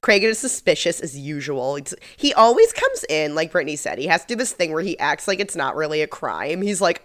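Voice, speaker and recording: A woman's voice: low voice, a little fast, few pauses. A woman co-hosting a podcast, chatting casually about a TV episode with frequent exclamations. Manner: expressive, exclaims and laughs often. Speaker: podcast co-host. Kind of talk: casual episode recap chat.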